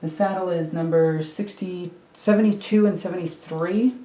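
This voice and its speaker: Low-voiced chatty woman in echoey room. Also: fairly even intonation, normal speed, warm tone. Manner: chatty, rambling, self-mocking. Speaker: miniature hobby streamer. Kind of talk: casual build commentary. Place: home hobby room. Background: faint computer hum.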